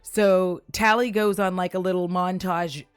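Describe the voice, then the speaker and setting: A woman casually recapping a movie, profane, giggly and animated as she tells the story. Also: on the low side, a little slow, clear, resonant tone, no echo, faint music behind.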